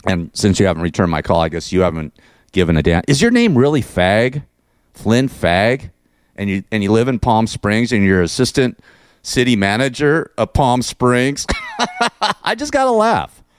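A man's voice: fairly low pitch, big pitch swings, a little fast, clear, resonant tone, no echo, studio quality. A middle-aged man hosting a radio show, ranting sarcastically and rambling between laughs.

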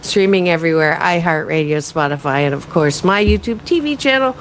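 A woman hosting a morning talk radio show as a happiness coach, talking in an animated, self-promoting, conversational way with frequent fillers. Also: on the low side, fairly quick, slight background noise, rough recording. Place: radio studio.

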